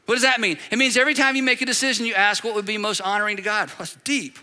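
A pastor preaching an animated sermon, driving points home through repetition and acted-out quotes. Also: male voice, high-pitched, rapid-fire. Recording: long reverb of a large hall.

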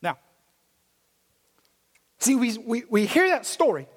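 A man preaching a sermon in a church, retelling a story with animated, casual, slangy delivery, in an echoey hall. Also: very high-pitched, takes it slowly. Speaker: pastor.

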